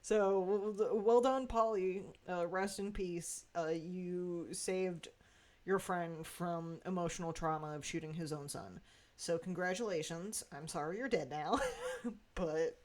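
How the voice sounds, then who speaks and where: Woman vlogger, casual episode review, slightly low voice, animated, laughs a lot, swears freely. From Pacific Northwest, USA. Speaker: YouTube reviewer.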